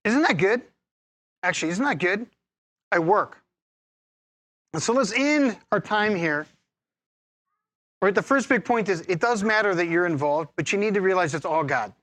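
A man preaching a sermon as pastor, lively and humorous, teasing his congregation and laughing often. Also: sits high, moderate pace, long pauses, dry recording.

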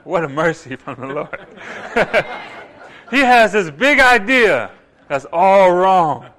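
Animated high-voiced preacher man. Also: takes it slowly. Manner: animated, acts out voices, rises loud for emphasis. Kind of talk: sermon.

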